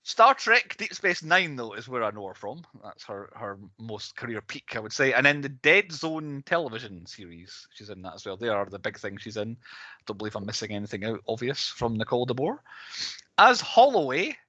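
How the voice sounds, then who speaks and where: A man in his late thirties co-hosts a casual film podcast, presenting the film's cast by running through facts with hedging asides and chuckles. His mid-range voice is very animated, pushed and bright, at normal speed with no room sound.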